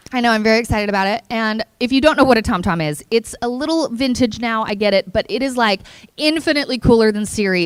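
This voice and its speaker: A woman giving an energetic, playful motivational speech at a conference, engaging the audience. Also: a little high, no echo. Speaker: keynote speaker. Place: conference hall.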